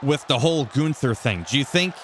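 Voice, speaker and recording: Lively, laughing man commentating a game. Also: medium pitch, fairly quick, a little hiss or hum. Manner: laughs a lot, swears casually, animated reactions. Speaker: gameplay commentator. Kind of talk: casual gameplay commentary.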